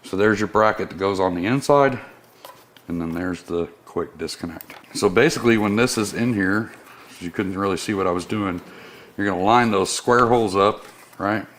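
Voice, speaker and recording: A man's voice: low voice, normal speed, fairly bright tone, a little hiss or hum. A man, a service technician, casually walking through a motorcycle part install step by step in a workshop. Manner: casual, step-by-step instructional, friendly shop talk. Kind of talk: how-to install demonstration.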